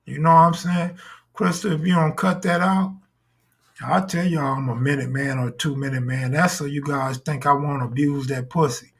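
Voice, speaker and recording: A man's voice: fairly high pitch, steady tone, normal speed, vocal fry. A man hosting a live stream in casual talk, full of crude, boastful joking banter.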